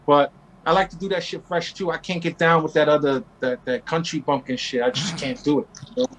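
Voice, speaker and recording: A man's voice: fairly high pitch, steady tone, a little fast, fairly bright tone, low-quality recording. A man in his forties from Queens, New York, a guest telling brash, profane stories in a casual interview.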